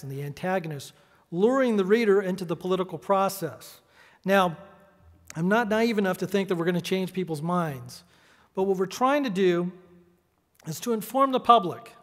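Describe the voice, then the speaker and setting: A man's voice: high voice, darkish tone. Middle-aged male speaker, punchy and sardonic, podium mic, long hall reverb. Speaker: editorial cartoonist giving a talk. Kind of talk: prepared speech. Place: large hall.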